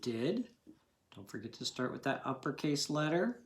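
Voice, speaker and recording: A man's voice: on the high side, expressive, fairly quick. A man teaching a recorded phonics lesson to young students. He talks patiently and encouragingly and sounds out words part by part.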